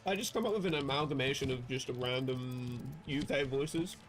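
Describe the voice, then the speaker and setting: A man's voice: medium pitch, normal speed. A man chatting casually while playing a video game on a livestream, rambling and correcting himself with wry asides. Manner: rambling, self-interrupting, wry. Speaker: streamer.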